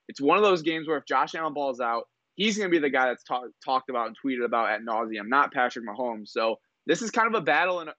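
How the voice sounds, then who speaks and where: A man co-hosting a sports talk show, breaking down games in quick, energetic analysis with jokey asides. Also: mid-range voice, no room sound, highs cut off. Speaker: co-host.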